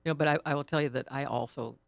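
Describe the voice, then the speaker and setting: A woman's voice: deep voice, steady tone, gravelly, no echo. A woman hosting a casual chat, teasing her guest and laughing easily. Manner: teasing, quick to laugh and apologize.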